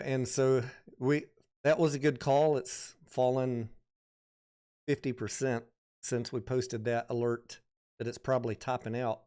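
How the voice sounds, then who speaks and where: A middle-aged man casually commenting on stocks during a livestream, thinking out loud and reading viewer comments aloud. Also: mid-range voice, clean tone. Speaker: stock market livestream host.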